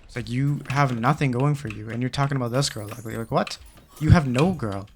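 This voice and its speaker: A man's voice: medium pitch, a little fast, a little hiss or hum. Slangy young man chatting over gameplay. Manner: slangy storytelling with many fillers; muttering game commentary. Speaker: gaming channel host. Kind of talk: casual chat while playing a game.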